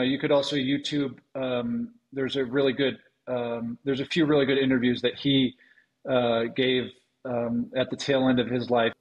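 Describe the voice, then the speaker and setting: A man, a venture investor, answering interview questions in a halting, thoughtful way with many ums and restarts. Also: medium pitch, dull audio.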